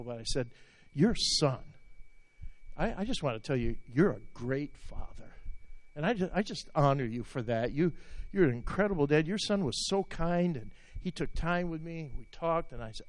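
A man's voice: mid-range voice, dry recording. A man preaching as a pastor, telling a heartfelt story and praying, his voice breaking as he fights back tears. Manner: emotional storytelling, voice breaking, tearful. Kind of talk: sermon and prayer. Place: church service. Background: soft instrumental music.

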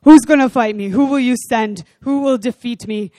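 A huge male warrior roars his challenges at full volume, booming and boastful, as a woman preacher puts him on. The voice is dry and close, with no room around it. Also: normal speed, mellow, dry recording, natural voice. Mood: taunting. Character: giant male warrior bellowing taunts.

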